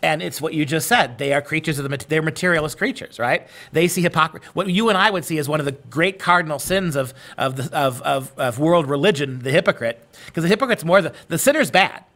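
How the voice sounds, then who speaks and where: Bright-voiced man hosting an interview. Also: fairly high pitch, a little fast, few pauses. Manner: earnest, restarts words mid-thought. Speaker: host. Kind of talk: conversational interview.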